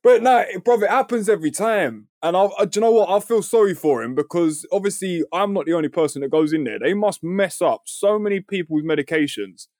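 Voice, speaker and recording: Animated man, thirties, dry close sound. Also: high-pitched, brisk, few pauses, no room sound. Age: 30s. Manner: animated, swears freely, acts out quoted voices. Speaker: podcast co-host. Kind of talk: casual storytelling chat.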